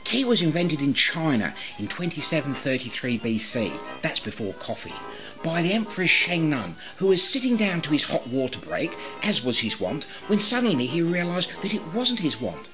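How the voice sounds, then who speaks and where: Aussie bloke doing a dry mock-posh comic rant, music playing underneath. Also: male voice, a little high, normal speed, poor audio. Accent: Australian. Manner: wry, mock-grand deadpan delivery. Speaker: comic narrator. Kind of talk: scripted comic monologue.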